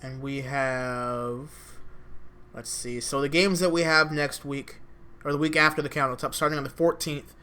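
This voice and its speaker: A man's voice: mid-range voice, fairly even intonation, sharp tone, smooth. A young man co-hosting a casual esports podcast, candid and swearing freely. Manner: candid, swears freely, fast show sign-off. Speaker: podcast co-host.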